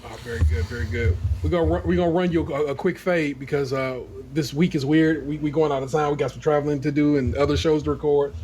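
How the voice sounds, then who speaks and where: Male podcast host, slightly high voice, loose and jokey, faint hiss on the line. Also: steady tone, a little mellow. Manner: loose, joking, quick asides with laughs. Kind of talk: casual podcast banter. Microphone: remote call.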